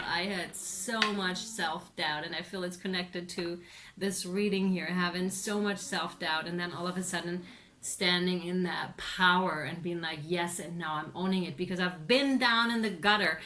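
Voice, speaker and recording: An excitable woman giving a casual tarot reading, talking straight to her viewers, swearing now and then and laughing often. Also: fairly low pitch, a little hiss or hum. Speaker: tarot reader.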